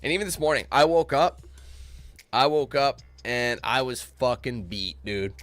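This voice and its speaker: A man's voice: mid-range voice, a little slow, a bit bright, no echo. A man streaming to his viewers in casual, candid chat. He sounds tired, rambles and swears freely. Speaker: YouTube streamer.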